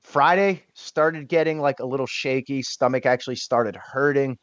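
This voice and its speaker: A man's voice: medium pitch, moderate pace, no echo, highs cut off. Candid man telling his recovery story. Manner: candid, swears casually, restarts often. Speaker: podcast guest. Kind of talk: emotional personal storytelling.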